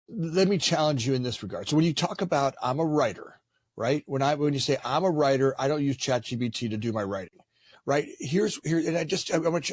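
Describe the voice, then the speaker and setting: A man's voice: on the high side, breathy edge, no echo, clean studio sound. A man hosting a casual conversation, challenging his guest and telling stories with stammering restarts.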